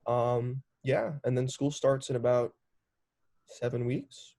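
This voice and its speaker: Chatty young man with a gravelly voice. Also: medium pitch, takes it slowly. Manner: chatty, lots of "like" fillers, animated storytelling. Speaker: documentary filmmaker. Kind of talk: casual interview chat.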